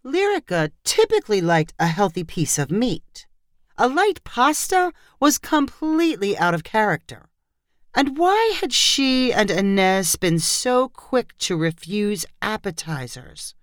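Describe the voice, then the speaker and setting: A woman narrating a story aloud with clear, expressive reading. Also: mid-range voice, a little slow, no echo, clean studio sound.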